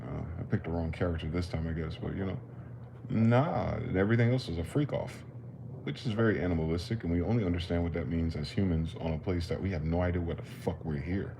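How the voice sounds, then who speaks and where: Low-voiced man musing in street slang. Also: fast talker, vocal fry, noisy background. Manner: profane, questioning, street slang. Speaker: livestream host. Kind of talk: rambling philosophical monologue.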